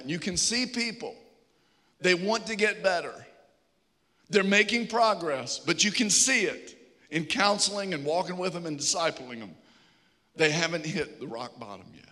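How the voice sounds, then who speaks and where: A man's voice: a little high, fairly bright tone, in a large hall. A man preaching a sermon to his congregation, urging and pleading with them. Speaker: pastor.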